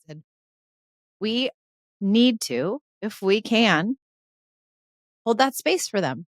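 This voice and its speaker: A woman's voice: medium pitch, no room sound, clean studio sound. A woman hosting a parenting podcast, talking through her views in an earnest, conversational way and slipping into little acted-out lines from parents and kids. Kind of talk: reflective solo talk.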